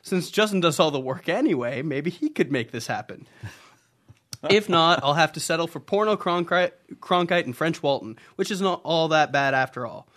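A man's voice: on the high side, expressive, moderate pace, fairly bright tone. Playful man reading listener mail. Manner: reads letters aloud with playful put-on voices. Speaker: podcast co-host reading listener letters. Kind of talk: casual podcast chat.

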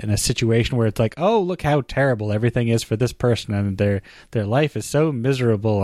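A man's voice: medium pitch, a little mellow, no echo, clean studio sound. A man chatting about films with a friend, opinionated and laughing often. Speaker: podcast co-host. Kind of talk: casual film discussion.

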